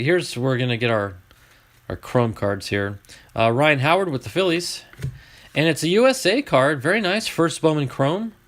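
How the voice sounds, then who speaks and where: A man hosting a casual card-opening stream, chatting to his viewers as he flips through each card. His pitch rises and falls a lot, and he gets excited over good pulls. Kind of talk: live card-opening chat.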